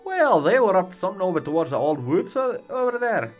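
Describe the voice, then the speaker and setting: A man putting on a gruff, teasing Scotsman. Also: high voice, big pitch swings, fast talker, soft background music, pitched above the performer's own voice. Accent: imitated Scottish. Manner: brusque, scolding and chummy. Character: gruff folksy Scottish man, blunt and teasing. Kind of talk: reading game dialogue aloud in a put-on voice.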